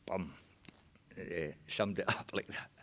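A man's voice: sits low, a little slow, pushed and bright. An older man with a Scottish accent, recalling old sayings in a rambling, casual way, full of asides. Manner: rambling, chuckling, peppered with you know. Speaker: reminiscence group member. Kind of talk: casual storytelling.

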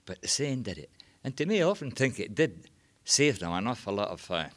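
An older Scottish man from a reminiscence group casually tells stories, recalling old sayings in a rambling way full of asides. He chuckles and keeps saying "you know," his lowish voice sing-song, a bit bright, and a little fast.

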